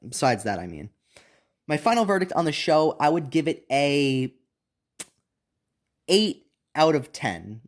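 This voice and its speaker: A young man giving a casual, unscripted anime review, rambling with many restarts and fillers. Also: on the high side.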